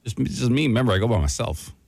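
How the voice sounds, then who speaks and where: A man's voice: medium pitch, very animated, very fast, creaky, a little mellow, no room sound. A man co-hosting a radio show, bantering with a joking, self-mocking manner. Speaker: radio co-host.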